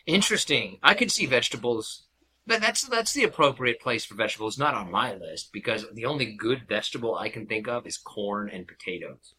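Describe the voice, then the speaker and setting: A young man from Kansas co-hosting a podcast, his bright voice carrying a husky rasp. He talks in a dry, sarcastic way and swears without a second thought, in loose, casual conversation. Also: mid-range voice, expressive, a little fast. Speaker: podcast co-host. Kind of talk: casual chat.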